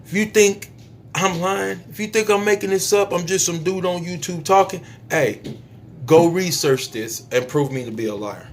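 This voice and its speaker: A man delivering a spiritual preaching monologue to his viewers, emphatic and repetitive, stretching out phrases and suddenly dropping to a soft near-whisper. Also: sits high, normal speed, slight background noise. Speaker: YouTube speaker.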